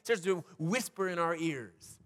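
Male pastor, higher pitch, casual preaching style full of restarts, recorded in a reverberant hall. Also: animated, unhurried, fairly bright tone. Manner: conversational preaching with frequent restarts and rhetorical questions. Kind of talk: sermon.

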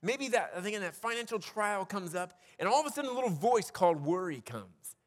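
A man's voice: sits high, very animated, fairly quick, big-room sound. A man preaching a sermon as a pastor, talking conversationally with restarts and rhetorical questions.

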